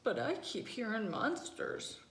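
A woman voicing a small, frightened, furry blue male creature in a storybook, tearful and hushed. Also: fairly high pitch, sing-song, measured pace, slight background noise. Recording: roomy echo.

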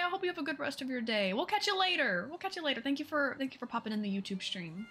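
A woman's voice: sits high, very animated, fast, music in the background. A woman game streamer chatting with her viewers while she plays. She talks casually, reads out their messages and greets people by name. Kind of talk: live gameplay chat.

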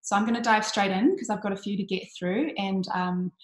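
A woman's voice: mid-range voice, fairly even intonation, fairly quick, roomy sound, poor audio. A tired woman giving a casual health talk, chatty and full of ums and restarts. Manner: uses 'bloody' as an intensifier. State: tired from little sleep. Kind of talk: casual presentation.

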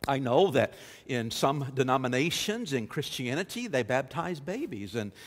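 A male Baptist pastor preaching a sermon, emphatic and building to forceful peaks. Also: mid-range voice, sing-song, moderate pace. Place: church sanctuary. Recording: church hall reverb.

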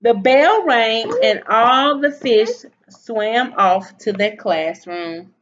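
A woman, a teacher, reading a picture book aloud to children at home on a webcam, pausing to ask them questions. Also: on the high side, fairly bright tone. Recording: slightly dull webcam audio.

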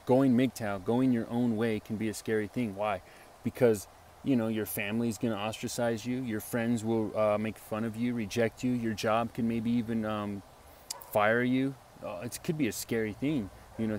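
Man, lower voice, informal earnest preacher, rambling delivery, recorded outside with faint street noise. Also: a little mellow. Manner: rambling, halting, full of fillers and restarts; earnest, often tags lines with "right?". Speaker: self-styled preacher. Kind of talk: informal sermon to camera.

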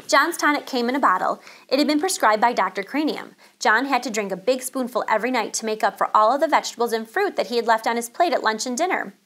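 A woman teacher reading a children's chapter book aloud, calm and expressive. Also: fairly high pitch, fast, few pauses.

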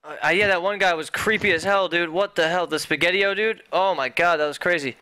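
A man streaming a game, jumpy and yelling when startled. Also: sits high, a little fast, clear, resonant tone, no room sound. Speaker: gamer.

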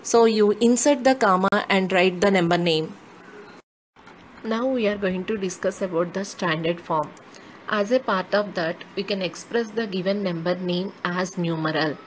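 Woman, math teacher, slow deliberate counting, faint background noise. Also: on the low side, poor audio. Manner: slow, deliberate reading of numbers. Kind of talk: classroom lesson.

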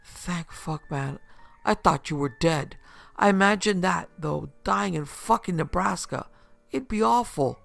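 A man voicing a panicked young male friend who shouts and curses frantically for help. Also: a little high, a little slow, vocal fry, faint music behind, exaggerated voice. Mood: frantic. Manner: frantic, cursing, raised voice.

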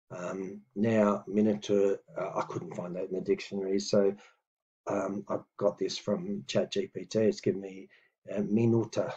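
A man teaching a language lesson on video, explaining patiently with many fillers and reading example phrases slowly. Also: deep voice, level tone, mellow, highs cut off.

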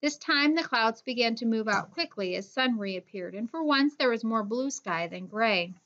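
A woman narrating a children's adventure story in a steady reading voice. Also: a little high, normal speed, highs cut off. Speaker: audiobook narrator. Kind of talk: scripted narration.

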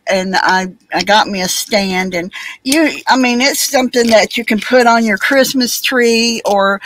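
Halting Southern woman, rambling chat. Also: mid-range voice, a bit bright, slight background noise, low-quality recording. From Alabama, US. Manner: rambling, halting, many ums and restarts. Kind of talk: casual live-stream chat.

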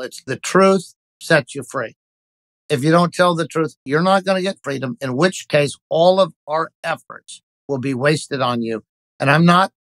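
A man's voice: fairly high pitch, a bit bright, no room sound. A man, a pastor, telling a personal story in an interview, speaking intensely and emphatically with frequent restarts.

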